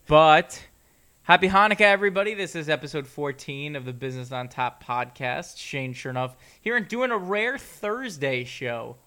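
Podcast host guy joking around, bright and crisp, kinda high. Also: expressive, moderate pace. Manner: joking, chatty. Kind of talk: casual chat.

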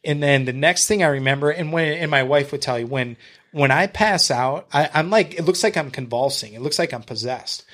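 A man's voice: fairly high pitch, brisk. A man from Michigan, a podcast guest, telling stories in casual conversation, acting out what people said and swearing freely. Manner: animated storyteller who acts out what people said, swears freely.

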